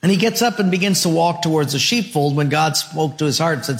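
A male pastor preaching a sermon, telling a story in a lively way. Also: on the high side, brisk. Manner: lively, acts out dialogue. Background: guitar music.

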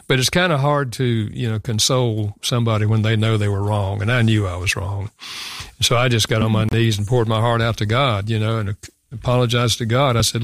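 A man's voice: fairly low pitch, steady tone, moderate pace, dry recording, clean studio sound. An older man, a guest author, telling a personal parenting story in an earnest, reflective way, often saying "you know". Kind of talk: conversational storytelling.

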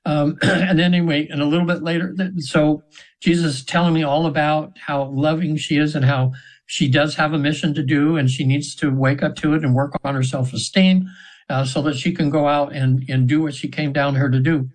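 A man in his seventies, guesting on radio as a spiritual practitioner, tells a long, rambling story briskly in a slightly high voice with fairly even intonation. He is earnest, with frequent fillers and restarts, and the interview audio is rough.

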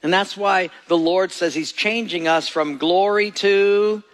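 A man's voice: high voice, a little slow, hardly any pauses. A man preaching a sermon as pastor, telling stories and acting out little scenes. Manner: storytelling preacher who acts out voices and jokes.

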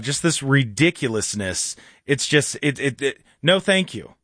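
A man hosting a call-in radio talk show, ranting sarcastically and mocking opponents in slow sing-song asides. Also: mid-range voice, big pitch swings, a bit bright, no room sound, clean studio sound. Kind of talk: opinionated call-in radio monologue.

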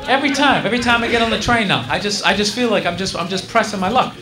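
High-voiced comic on a noisy club stage. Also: male voice, fast talker. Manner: animated storytelling, acts out characters, crowd laughing. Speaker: stand-up comedian. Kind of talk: live stand-up comedy. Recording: roomy live club recording with crowd.

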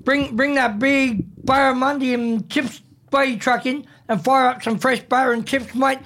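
A man's voice: very high-pitched, fairly even intonation, normal speed, creaky, fairly bright tone. An Australian man bantering on a radio show, blokey and blustering, with "mate" at the end of nearly every line. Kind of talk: casual banter.

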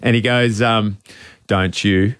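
Low-voiced male radio host. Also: steady tone, fairly bright tone, dry recording, studio quality. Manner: rambling, halting, sentimental anecdote teller. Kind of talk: casual storytelling on air.

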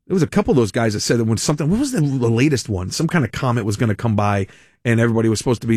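A man's voice: mid-range voice, animated, fast talker, no room sound, clean studio sound. A man hosting a talk radio show, delivering a sarcastic, mocking monologue with frequent laughs.

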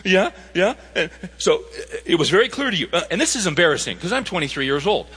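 A man's voice: fairly high pitch, big pitch swings, quick pace, bright, forceful tone, long reverb tail, a little hiss or hum. A man preaching a sermon, reading scripture and telling stories with emphatic quoted dialogue.

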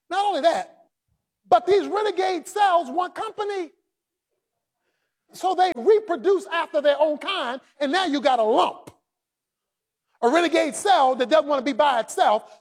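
A male pastor preaching a rousing sermon, repeating lines for the congregation and swinging from shouts down to low, quiet asides.

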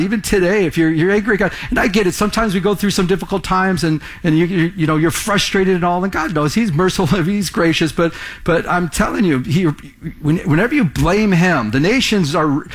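A man's voice: sits high, a little fast. A middle-aged male pastor preaching a conversational sermon, asking the congregation questions and restarting his sentences often.

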